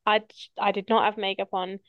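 A woman's voice: mid-range voice, little pitch movement, a little fast, dry recording, phone-quality sound. A woman hosting a podcast, telling stories in casual chat and swearing freely. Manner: chatty storyteller, swears casually. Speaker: podcast host.

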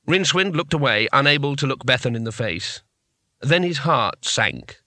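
A man narrating a comic fantasy audiobook in a wry, measured way. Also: mid-range voice, lively intonation, bright, forceful tone, no room sound, clean studio sound. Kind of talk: scripted narration.

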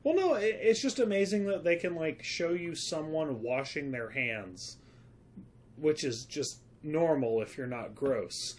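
A man's voice: a little high, expressive, unhurried. Earnest rambling male podcast co-host. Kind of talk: casual film discussion.

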